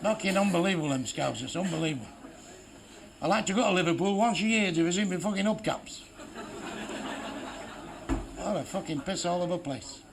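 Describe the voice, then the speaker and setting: A man's voice: high voice, brisk, creaky, pauses often, noisy background. A man telling crude jokes as a stand-up comedian, swearing heavily and landing blunt punchlines.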